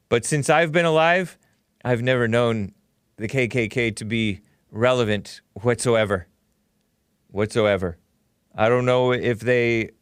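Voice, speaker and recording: A man's voice: mid-range voice, a bit bright, clean tone, dry recording, studio quality. A man hosting a call-in talk show, chatting casually, laughing often and reading viewer messages aloud. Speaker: host.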